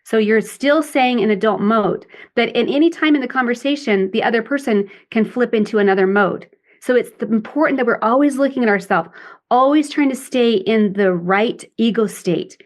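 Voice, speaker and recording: Middle-aged woman, parent coach, fairly high voice, explanatory, acts out example lines. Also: moderate pace. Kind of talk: podcast interview, explaining.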